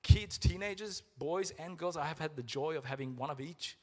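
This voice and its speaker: A middle-aged man preaching a sermon as pastor, earnest and emotional, slowing down for emphasis. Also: fairly high pitch, a little mellow. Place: church. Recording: reverberant church hall with music.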